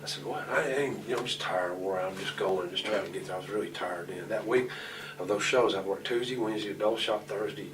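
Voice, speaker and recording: A man's voice: on the low side, fast talker. Blunt, profane man recorded from afar. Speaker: pro wrestler interview guest. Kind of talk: shoot interview storytelling. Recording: distant mic, noisy room ambience.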